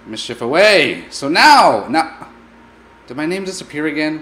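Animated, melodramatic male game commentator. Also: a little high, measured pace. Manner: playfully melodramatic, mock-scared exclamations. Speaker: gaming channel host. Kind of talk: let's play commentary.

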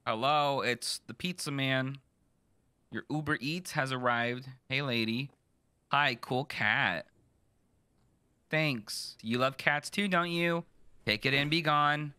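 A young man playing a horror game, joking, swearing and reacting loudly in casual commentary. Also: mid-range voice, slow, pauses often, clear, resonant tone, no room sound. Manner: joking, profane, loud reactions. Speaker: gaming streamer. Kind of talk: casual let's-play commentary.

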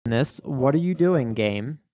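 Guy talking to himself while gaming, stammers a lot, mid pitch, dry close mic, keyboard clacking behind. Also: slow, dry recording, dull audio. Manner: talks to himself, stammers, excitable. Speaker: gaming YouTuber. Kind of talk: casual gameplay commentary.

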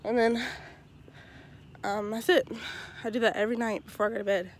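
This is an outdoor walking vlog: a young woman films herself on a handheld phone at arm's length, winded and rambling with self-deprecating humor. Her voice sits a little high, her delivery is flat and a little fast, and slight background noise comes through.

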